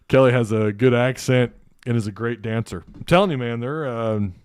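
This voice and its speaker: A man hosts a relaxed live stream, answering chat with jokes and frequent chuckles. His voice is smooth and clear, and the sound is close and dry with no room echo. He speaks at an average pitch. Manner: laughing, joking, thinking aloud. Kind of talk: casual live stream chat reading comments.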